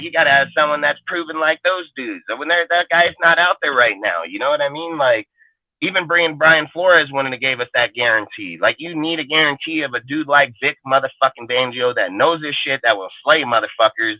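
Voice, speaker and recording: A man's voice: fairly high pitch, no echo. A man co-hosting a sports fan roundtable, ranting emphatically and swearing constantly. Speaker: podcast co-host. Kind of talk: heated fan roundtable talk. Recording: narrow phone-like dry sound.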